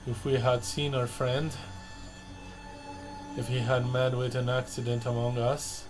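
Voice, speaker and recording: A man's voice: mid-range voice, little pitch movement, measured pace. A man casually playing through a narrative game, reading dialogue choices aloud, repeating lines and adding wry asides. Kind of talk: casual let's-play commentary. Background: game music.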